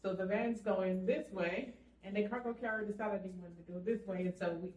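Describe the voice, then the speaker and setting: Brief: middle-aged mom recounting a highway scare at an even pace, lots of "um"s; distant mic in an echoey space. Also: female voice, fairly quick. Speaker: vlogger's mother. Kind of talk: casual storytelling. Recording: roomy sound, mic at a distance.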